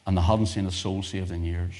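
Fervent male preacher, low-pitched. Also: fairly even intonation, fast talker. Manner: impassioned, swelling to loud fervent peaks then dropping to quiet asides; conversational, repeats phrases for emphasis. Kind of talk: sermon.

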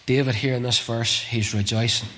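A man preaching a sermon with passion, repeating phrases and swinging from urgent calls to hushed, near-whispered lines. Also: mid-range voice, fairly even intonation, moderate pace.

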